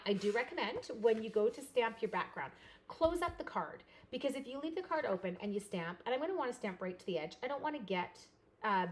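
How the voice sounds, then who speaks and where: A middle-aged woman chatting through a live craft demonstration, greeting viewers by name and dropping to soft murmurs while she works. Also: mid-range voice, noisy background. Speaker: card-making demonstrator.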